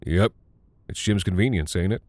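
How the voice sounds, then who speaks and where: Sly, unbothered old gas-station man read by a male narrator; low, lazy, folksy drawl. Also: normal speed, a little mellow, no echo, close to an everyday voice. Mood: laconic drawl. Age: older.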